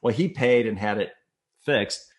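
This middle-aged man talks a little slowly, his voice on the lowish side. He's a guest recounting something that happened to him, openly and with self-mocking laughs, and he animatedly voices each person who appears in the tale.

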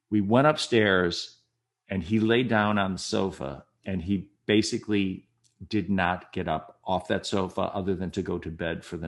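Low-voiced man telling an earnest personal story. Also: vocal fry. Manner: earnest, gets quick and agitated when reliving tense moments. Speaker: guest recounting a personal experience.

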